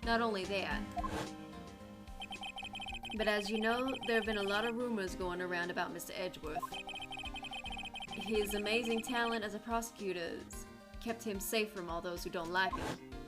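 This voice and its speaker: A woman voicing a gruff, loyal male police detective in a put-on New York accent, drawling and stumbling as she reads. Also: mid-range voice, fairly even intonation, normal speed, long pauses, natural voice. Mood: earnest. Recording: loud game music behind.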